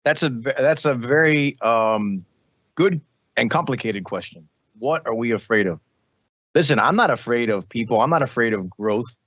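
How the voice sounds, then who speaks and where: A man, a radio host, talking as a guest in a casual interview, animated, with frequent restarts and repetitions. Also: mid-range voice, moderate pace, no room sound, dull audio.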